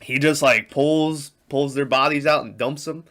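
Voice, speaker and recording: A man's voice: on the high side, steady tone, measured pace, a bit bright. A man co-hosting a casual movie podcast, rambling crudely and acting out scenes in silly voices. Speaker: podcast co-host.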